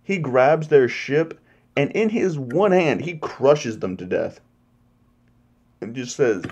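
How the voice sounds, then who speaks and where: A man's voice: mid-range voice, slow pace, long pauses, highs cut off. A man casually retelling a movie's plot in a spoiler review, swearing freely and acting out scenes. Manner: profane, animated plot retelling.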